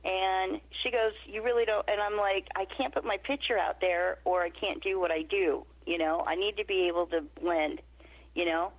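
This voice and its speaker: A woman's voice: medium pitch, normal speed, no echo. A middle-aged woman from Nevada, a podcast interview guest telling a story and acting out the quoted dialogue. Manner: animated, acts out quoted dialogue. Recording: muffled lo-fi remote audio.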